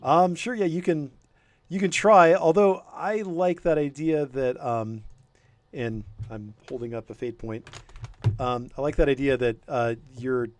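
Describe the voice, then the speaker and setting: A man running a tabletop game as game master, talking in a rambling, hesitant way with many pauses. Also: mid-range voice. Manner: rambling, hesitant, lots of ums.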